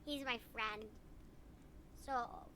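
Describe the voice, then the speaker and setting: High-voiced little game girl, innocent, matter-of-fact, background bustle. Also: fairly even intonation, takes it slowly, crowd noise. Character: curious little girl, about four or five.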